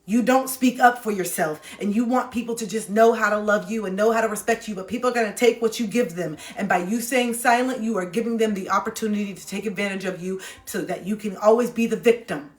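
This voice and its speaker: Fast-talking with hardly any pauses, a woman with a medium-pitched voice hosts a casual spiritual-advice livestream. She's blunt and preachy with plenty of slang, and her phone recording carries an echoey room sound.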